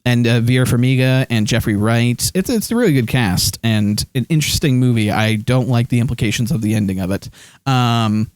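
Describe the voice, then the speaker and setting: Speaking fairly quickly, this live streamer has a medium-pitched voice that's darkish yet clean, with no room sound, right up on his desk mic. He rambles about his movie collection, full of fillers and restarts, and reads out messages from chat.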